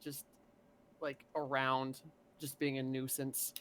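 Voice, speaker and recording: A man playing in a tabletop game, chatting casually and playfully in quick bursts. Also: medium pitch, monotone, fairly bright tone. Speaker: player.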